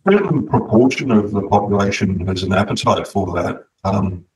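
Low-voiced man heard a little off-mic. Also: expressive, normal speed, far from the mic, poor audio. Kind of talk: casual discussion.

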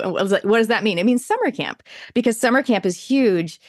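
A woman in her thirties with a Canadian accent chats enthusiastically in a casual interview, talkative and full of fillers. Her mid-range voice moves at a quick pace, with clean, echo-free studio sound.

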